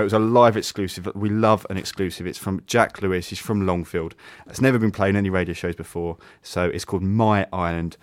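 Casual English radio host, low voice, rambling and chatty. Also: male voice. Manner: chatty, with many fillers and restarts.

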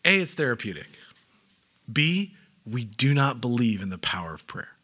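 A young pastor delivers a sermon in a casual, joking style, speaking at medium pitch and normal speed. He's animated and acts out little voices to drive his points home.

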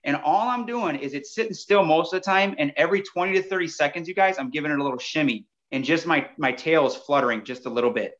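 A man with a slightly high voice tells a story as a podcast guest, animated and chatty. He keeps turning to the listeners directly. The audio sounds dull and lo-fi. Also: quick pace, few pauses. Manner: animated, addresses listeners as "you guys". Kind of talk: casual storytelling.

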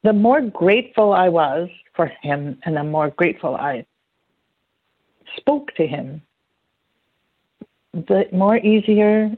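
A woman's voice: fairly low pitch, takes it slowly, long pauses. A woman talking casually in an interview, telling stories and acting out quotes as she goes. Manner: chatty, animated storytelling with acted-out quotes. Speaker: guest. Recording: phone-like narrow band.

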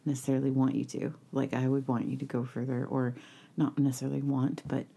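A middle-aged woman co-hosting a podcast, chatting casually in a relaxed, teasing way. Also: very deep voice, fairly quick, creaky, slightly rough. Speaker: podcast co-host. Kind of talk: casual chat.

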